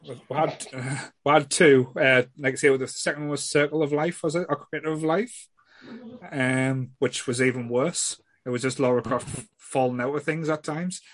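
A man's voice: mid-range voice, steady tone, normal speed, no room sound. A man hosting a podcast in casual chat, rambling with restarts and blunt swearing. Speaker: podcast host.

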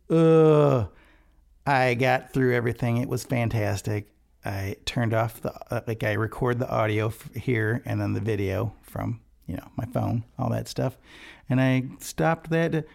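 Man with a gravelly, chatty voice. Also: mid-range voice. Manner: chatty and rambling, with restarts and asides. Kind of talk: casual devotional vlog.

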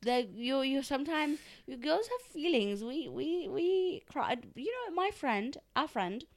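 A woman's voice: high-pitched, very animated, a little slow. A young woman co-hosting a podcast, chatting casually and animatedly, laughing often. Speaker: podcast co-host. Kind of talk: casual chat.

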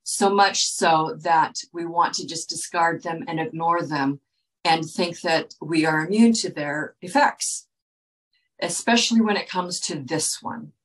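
Speaking a little slowly in a lowish voice, a woman talks straight to her audience on a rough recording. As a wellness speaker, she's earnest and lecturing, frequently pausing to ask "okay?"

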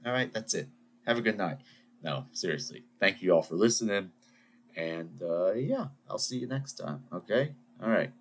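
A man's voice: on the low side, expressive, moderate pace, slight background noise. Rambling, ranting male podcast host. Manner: rambling, self-deprecating, ranting. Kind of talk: solo rant podcast.

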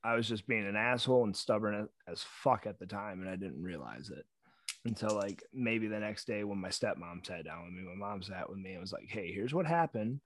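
A man co-hosting a casual chat, telling stories bluntly and excitably, with plenty of swearing. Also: fairly low pitch, fairly quick, dry recording. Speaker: podcast co-host.

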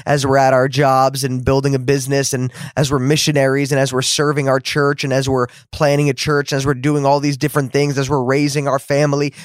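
A man's voice: medium pitch, no room sound, studio quality. A man preaching a fervent podcast sermon, repeating words for emphasis and rising to exclamations.

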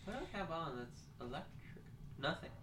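A man's voice: on the high side, very animated, fairly quick, pushed and bright, slight background noise. A man co-hosting a casual gaming podcast, answering in a dry, matter-of-fact way. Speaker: podcast co-host.

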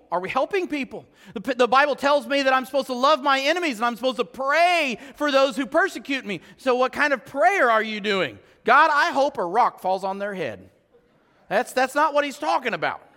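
A man preaching in a church sanctuary, his voice strikingly high and bright, carried by a long hall reverb. He talks to the congregation conversationally, firing off rhetorical questions and swinging between loud emphasis and quiet, low asides. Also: expressive, normal speed. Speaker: pastor. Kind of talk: sermon.

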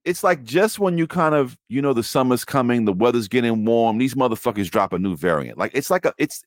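Blunt, animated man swearing freely. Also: medium pitch, brisk, no room sound, clean studio sound. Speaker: podcast co-host. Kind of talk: casual chat.

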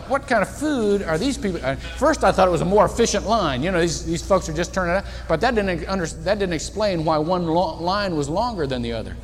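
A man's voice: big-room sound, a little hiss or hum. A man preaching a sermon as pastor, telling a story and acting out the people in it. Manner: storytelling, acts out the people in his story with animated shifts in pitch and volume. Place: church sanctuary.

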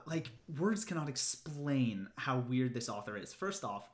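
A man's voice: fairly high pitch, reverberant. A man hosting a casual podcast from home, ranting in an exasperated way and swearing often. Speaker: podcast host. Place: home room.

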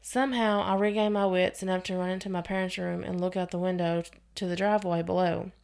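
A woman's voice: on the low side, level tone, fast talker, creaky, darkish tone. A woman hosting a podcast, reading a scary story aloud with expression and sometimes restarting a phrase. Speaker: podcast host reading stories.

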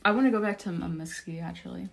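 A woman's voice: on the low side, quick pace, vocal fry. Hesitant young woman, casual podcast chat. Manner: hesitant, full of likes and ums, trails off. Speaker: podcast co-host.

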